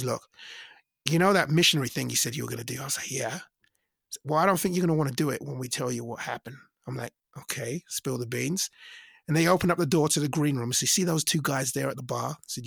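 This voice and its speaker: A middle-aged man with a fairly high, gravelly voice tells stories in an easygoing interview. He jumps up in pitch to act out other people's lines. The sound is close and dry. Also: no echo. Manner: animated, acts out quoted voices with big pitch jumps. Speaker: singer and interview guest. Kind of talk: casual storytelling interview.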